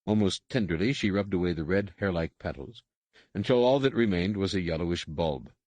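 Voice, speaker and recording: Low-voiced man narrating an audiobook. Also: no room sound. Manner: even, measured storytelling. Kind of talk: scripted narration.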